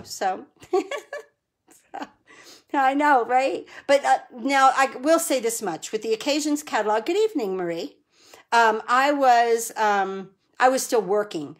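A middle-aged woman with a slightly high voice chats her way through a casual live stream in her home crafting corner. She answers viewers by name and laughs a lot.

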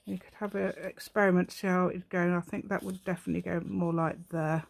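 Talking a little fast, a middle-aged woman with a fairly low, vocal-fried voice and little pitch movement hosts a casual crafting tutorial for her channel. She chats while working, thinks out loud, jokes about herself and hums and sings to herself.

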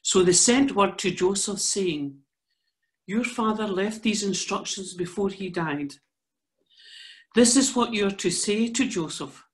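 A woman reading Bible passages aloud in a church service, slow and measured. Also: medium pitch. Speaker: scripture reader.

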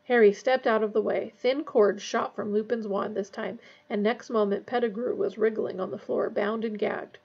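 A woman's voice: medium pitch, steady tone, normal speed, creaky, few pauses, husky, dull audio. A woman reading a novel aloud, giving a casual recap before she reads on. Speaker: reader.

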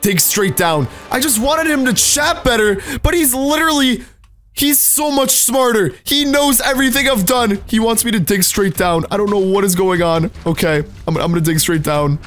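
High-voiced excitable man narrating gameplay. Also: moderate pace, soft background music. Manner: excitable, frequent exclamations. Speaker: Minecraft YouTuber. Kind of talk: gameplay commentary.

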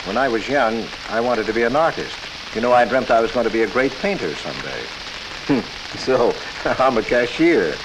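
An actor playing a shy, lonely middle-aged cashier who stammers and hesitates, in a 1940s film. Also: male voice, mid-range voice, expressive, normal speed, natural voice. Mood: bashful. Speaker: timid cashier. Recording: old film audio with noise.

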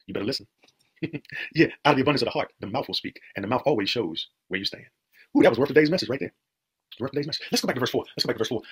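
Male preacher, rapid-fire sermon delivery, heavily husky voice, emphatic repetition and rhetorical questions. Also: medium pitch. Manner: emphatic, repeats phrases, rhetorical questions to the congregation.

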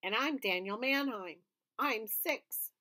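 A woman's voice: on the high side, takes it slowly, sharp tone, pitched above the performer's own voice. A woman voicing a whiny six-year-old boy who acts tough but scares easily, in a read-aloud storybook. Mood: boastful. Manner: whining, boastful.

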